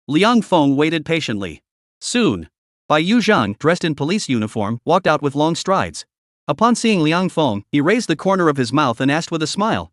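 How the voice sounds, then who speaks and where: A man narrating a recap story in a scripted, lively storytelling manner. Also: fairly high pitch, moderate pace, no room sound, studio quality.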